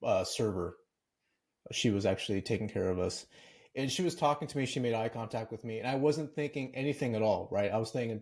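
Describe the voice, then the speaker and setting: A man's voice: lowish voice, expressive, brisk, darkish tone. A man guesting on a podcast, speaking candidly and conversationally as he tells stories. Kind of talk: casual interview chat.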